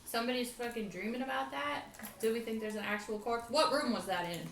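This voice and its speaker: A woman's voice: on the high side, brisk, noisy background. A woman player chatting casually at a tabletop game, blunt and chatty. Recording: echoey room, distant mic, faint music.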